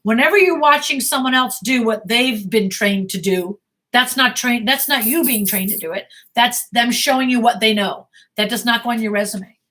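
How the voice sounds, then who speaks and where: A woman's voice: a little high, normal speed, sharp tone. A middle-aged woman acting coach answering viewer questions in a blunt, emphatic way, often repeating herself.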